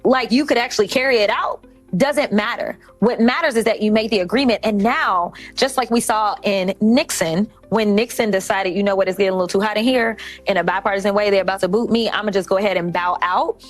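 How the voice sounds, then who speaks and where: Assertive female panelist, mid-pitched, explanatory, faint music under. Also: a little fast. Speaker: panel commentator. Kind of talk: panel discussion.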